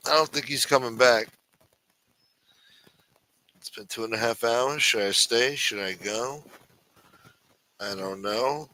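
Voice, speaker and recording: A man's voice: mid-range voice, low-quality recording. A man hosting a late-night live stream, chatting casually and profanely with his viewers. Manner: profane, animated and chatty with chat. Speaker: livestream host.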